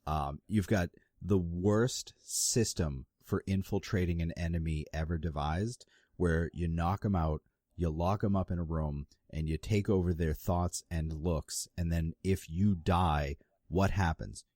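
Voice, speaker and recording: A man's voice: deep voice, unhurried, darkish tone, no echo, studio quality. A man co-hosting a podcast in casual chat, picking things apart with wry, critical remarks. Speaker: podcast co-host.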